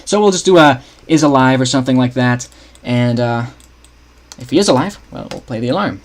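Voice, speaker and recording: A man's voice: medium pitch, animated, a little fast. A young man casually talking through his game map scripting on a livestream, thinking aloud and chatting with viewers. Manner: thinks aloud, restarts often, chats with viewers. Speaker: streamer building a game map.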